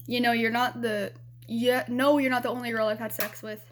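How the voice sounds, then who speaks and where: A woman's voice: on the high side, level tone, a little fast, slight background noise. A young woman from Arizona telling a personal story to her camera in a rambling, frank way, swearing freely and filling gaps with "you know". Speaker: vlogger.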